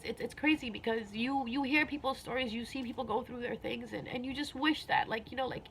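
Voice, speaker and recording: Woman vlogger, fairly high voice, earnest and heartfelt, slightly emotional, faint background hiss. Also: brisk, hardly any pauses. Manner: earnest, repeats herself, many "you know"s. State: a little emotional. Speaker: spiritual vlogger. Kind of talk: casual heartfelt talk to camera.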